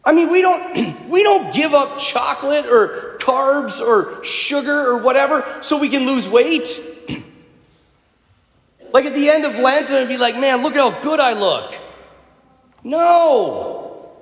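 A priest gives a sermon in a church, his voice pitched high for a man and swinging widely as he talks. He speaks in a conversational, humorous way and drives points home by repeating them. The sound is roomy, with a long reverb trailing each phrase. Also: slow pace. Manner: lively and conversational, with humor and emphatic repetition.

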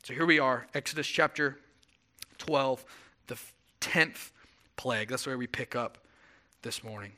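Bright-voiced young pastor preaching. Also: male voice, mid-range voice, unhurried, long pauses. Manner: animated storytelling, acting out quoted voices. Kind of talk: sermon.

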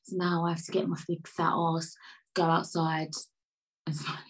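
A woman talks casually to camera while sipping tea, her voice sitting on the low side. She rambles from one thought to the next. She swings from loud, excited outbursts to quiet, muttered asides. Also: normal speed, low-quality recording. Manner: sips tea while talking. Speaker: vlogger.

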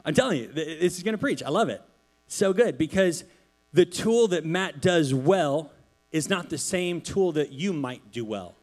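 A man, a pastor, giving a casual sermon in church, chatty and animated, telling stories with many asides. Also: fairly high pitch, moderate pace.

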